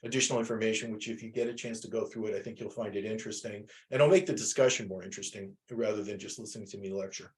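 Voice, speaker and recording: A man's voice: fairly low pitch, fairly even intonation, rapid-fire, few pauses. A man teaching a class over a video call, talking casually and rambling with many restarts.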